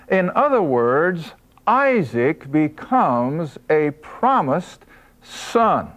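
A man teaching a Bible study lesson, emphatic and slowing down to stress key points. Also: fairly high pitch, very animated, a bit bright.

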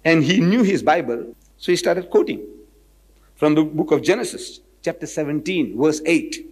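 A man speaks in a slightly higher register, telling a story from a lecture stage. His pitch swings widely as he builds rhetorical points. He keeps retelling conversations in lively detail. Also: moderate pace, rough recording. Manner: animated, rhetorical, retells dialogue. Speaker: public speaker.

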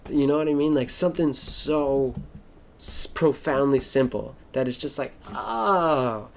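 A man's voice: mid-range voice, steady tone, moderate pace, darkish tone, slight background noise. A man rambling through a casual monologue, swearing constantly, wandering between thoughts and trailing off mid-sentence. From Florida.

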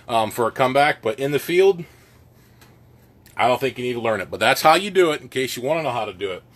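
A man giving a casual lesson on goose calling, plainspoken and folksy, with plenty of filler words. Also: mid-range voice. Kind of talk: casual instructional talk.

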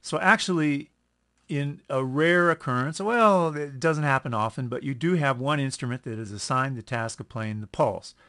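A man teaching a music lesson over a screen recording, explaining at an unhurried pace, correcting himself and counting beats aloud. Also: mid-range voice, a bit bright. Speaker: music instructor.

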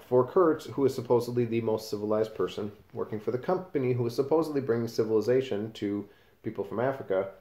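A man's voice: mid-range voice, gravelly, warm tone. A man teaching a class, explaining a novel in a casual way and reading passages aloud with page numbers. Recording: roomy echo.

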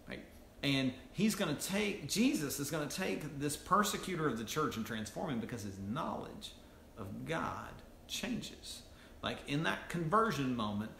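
A pastor preaching a sermon in a casual, conversational way, full of asides to the congregation. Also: male voice, mid-range voice, a bit bright, roomy sound, a little hiss or hum. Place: church sanctuary.

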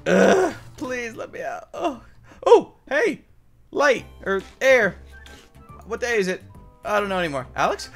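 A woman's voice: fairly high pitch, sing-song, measured pace, gravelly, soft background music. A woman giving sarcastic, exasperated commentary on her Minecraft game and complaining to her partner. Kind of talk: scripted gameplay commentary with a partner.

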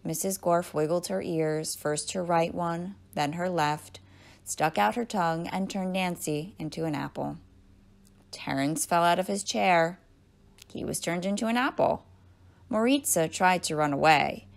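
A woman's voice: lowish voice, unhurried. A woman librarian reading a children's book aloud and then signing off to listeners. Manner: clear, storytelling read-aloud.

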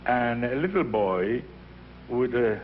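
An older Italian-accented opera teacher leads a masterclass for young singers, speaking slowly in a mid-range voice. He teaches and tells stories animatedly, acting out little scenes and voices. The recording is dull and lo-fi, with a faint hiss behind him.

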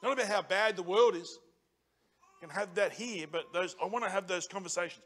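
A man preaching a sermon as pastor in a church, passionate and building to loud emphatic repetition. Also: high voice, brisk. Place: church auditorium.

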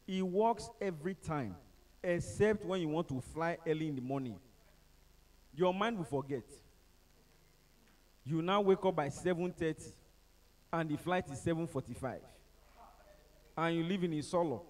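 Animated Nigerian motivational speaker. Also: male voice, a little high, moderate pace, long pauses, far from the mic. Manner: animated, joking, acts out the people in his stories. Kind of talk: humorous storytelling to a live audience.

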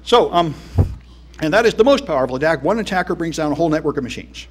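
A man's voice: a little high, lively intonation, fast, a little hiss or hum. A man giving a conference talk in a wry, dismissive, conversational way, with plenty of "um"s and "anyway"s. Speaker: conference speaker. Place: conference hall.

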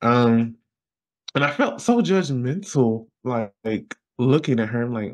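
A young man from Alabama, a podcast guest telling his story casually and acting out his younger self with lively exclamations. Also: slow pace. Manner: animated, acts out his past self with high exclamations and laughs.

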